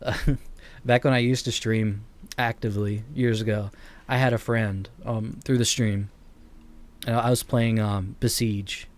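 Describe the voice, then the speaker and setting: A man's voice: lowish voice, flat delivery, measured pace. Chatty man with a slight Southern drawl. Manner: rambling, chatty, laughs often, talks to chat. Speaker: game streamer. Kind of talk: casual gaming stream chat.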